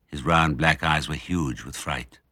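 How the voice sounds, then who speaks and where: An older man narrating a children's story with dramatic, expressive reading. His voice is low yet bright, rising and falling widely. It sounds dry and close. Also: unhurried, breathy edge, no echo.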